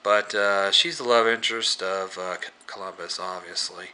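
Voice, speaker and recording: This is a man with a lowish, sharp, tense voice, recapping a movie casually. He rambles and halts often, filling the gaps with filler words. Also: steady tone, normal speed, clean tone. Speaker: movie reviewer.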